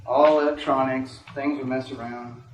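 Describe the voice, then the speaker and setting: A man performing a stand-up comedy routine on a small stage, animated and jumping into squeaky voices for the people he quotes. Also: normal speed. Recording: echoey room from far off, noisy.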